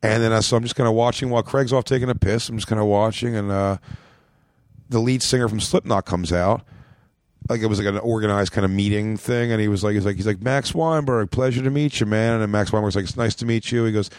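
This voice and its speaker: American man, comedian, low voice, dry close sound, rambling podcast storytelling, swears a lot. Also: fast talker, darkish tone, dry recording. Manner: rambling, profane, acts out quotes in a raised voice.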